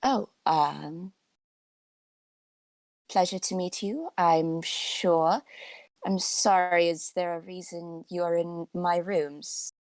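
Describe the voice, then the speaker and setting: A woman's voice: lowish voice, slow pace, long pauses, no room sound. A woman voicing a poised young noble bride who answers with polite, slightly strained courtesy, in a dry, close recording.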